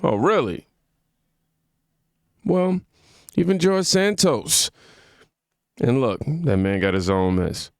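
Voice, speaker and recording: A man's voice: mid-range voice, expressive, slow, long pauses, no room sound, clean studio sound. A man hosting a political reaction channel, talking in a slangy, mocking way with asides to his viewers. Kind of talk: casual political reaction commentary.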